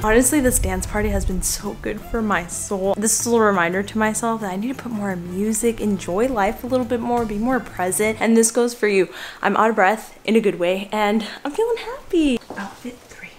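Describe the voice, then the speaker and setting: A woman's voice: medium pitch, animated, brisk, soft background music. A young woman chatting casually to her vlog camera, bubbly and gushing. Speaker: vlogger.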